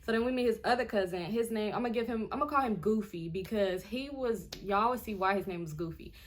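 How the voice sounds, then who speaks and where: A woman in her twenties telling a storytime in a chatty, animated way, full of "like" and acting out what people said. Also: medium pitch, fast. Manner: chatty, animated, heavy on filler "like", acts out others' lines. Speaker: vlogger. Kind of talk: casual storytime.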